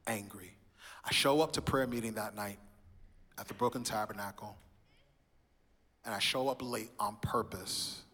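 A man's voice: lowish voice, a bit bright, slightly rough. A man from New York giving a sermon-style personal testimony in a church, telling his story with animation and acting out the voices of people in it. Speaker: speaker sharing his testimony. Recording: reverberant hall.

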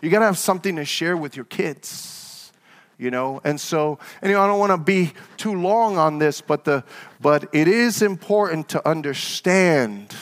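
Male pastor, fervent sermon voice, somewhat high-pitched, calls for amens. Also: clear, resonant tone. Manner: fervent preacher with call-and-response; rises to loud, high exhortation.

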